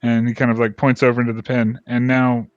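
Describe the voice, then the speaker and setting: A man's voice: medium pitch, monotone, fairly quick, clean tone, dry recording, lo-fi sound. Rambling man narrating as game master. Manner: rambling, hesitant, with many fillers.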